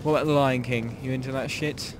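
A young man from Ireland rambles through a co-op game session, mid-range in pitch. He jokes around and keeps restarting his sentences, with faint noise under his voice. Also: fairly even intonation, quick pace. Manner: rambling, jokey, trailing off and restarting. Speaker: gaming channel host. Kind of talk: casual gameplay chat.

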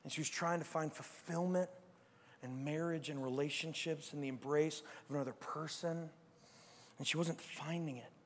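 A man preaching a sermon as pastor, emphatic and swinging between quiet reflection and loud exclamation, often asking "right?". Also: fairly high pitch, fairly even intonation, normal speed, long reverb tail, slight background noise. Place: church sanctuary.

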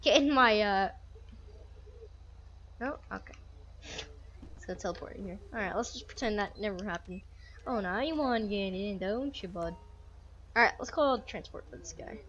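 A woman's voice: mid-range voice, animated, normal speed, pauses often, a bit bright, lo-fi sound, slight background noise. A woman giving casual, chatty commentary while playing a police game, often laughing and talking to the characters. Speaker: gamer playing a police sim.

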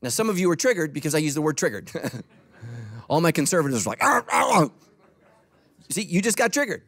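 A man's voice: on the high side, very animated, fast talker. A middle-aged man preaching a sermon as pastor, conversational and joking, acting out quoted voices. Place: church auditorium.

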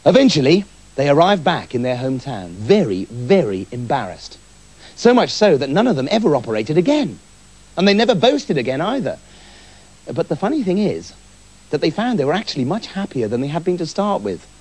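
A man tells a comic fairy tale with a giggly, animated delivery. His slightly high, husky voice swoops widely, with faint music behind. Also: brisk. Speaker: storyteller. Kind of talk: comic storybook narration.

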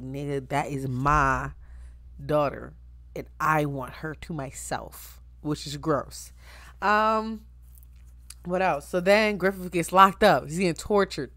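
A woman with a lowish voice talks straight to her viewers in a loose, slangy recap, full of fillers and the odd curse. She swings between loud bursts and low asides. The sound is close and dry, with no room echo. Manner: chatty, slangy and profane, with frequent fillers. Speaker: anime reaction YouTuber.

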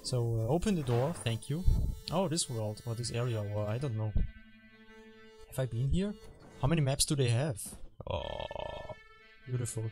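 Casual male gaming commentator, rambling and self-mocking, with clear game music under him. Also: medium pitch, expressive, normal speed. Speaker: gameplay commentator. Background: game music and effects.

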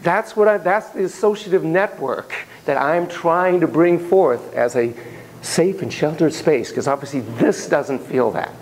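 A man working as a child psychotherapist in a play therapy demonstration, talking gently and reflectively in a playroom. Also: fairly high pitch, unhurried, low-quality recording.

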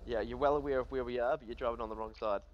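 A man's voice: mid-range voice, steady tone, rapid-fire, natural voice. A man playing a patient, procedural police sergeant in a role-play game. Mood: businesslike. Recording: slightly muffled with faint vehicle hum.

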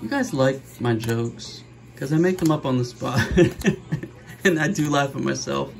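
A middle-aged man hosting a card-opening video, chatting casually and joking, with sudden gasps and bursts of excitement. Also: mid-range voice, measured pace, gravelly, a little hiss or hum, poor audio. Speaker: card-opening channel host. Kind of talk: casual pack-opening commentary.

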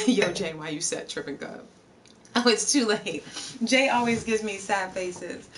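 A woman's voice: mid-range voice, expressive, unhurried, a bit bright, slight background noise. Chatty woman streamer, slightly distant mic. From Virginia, USA. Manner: chatty, reads out and answers chat. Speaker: live streamer. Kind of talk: casual live stream chat. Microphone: streaming setup.

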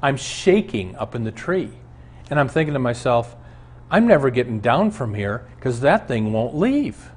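A man's voice: mid-range voice, sing-song, normal speed, slightly rough. A male pastor giving an earnest, emphatic Bible teaching and telling stories from his own life. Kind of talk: teaching sermon on a Bible show.

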